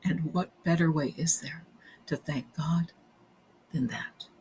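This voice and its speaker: A woman voicing a kind old grandfather gently coaxing his grandson in a children's story. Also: low-pitched, steady tone, slow, a little hiss or hum. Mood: gentle. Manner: gentle, patient, coaxing questions.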